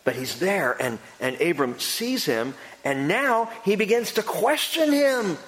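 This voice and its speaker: A man preaching a sermon, swinging between loud emphatic lines and hushed ones. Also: high voice, sing-song, unhurried. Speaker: pastor. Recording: long reverb of a large hall.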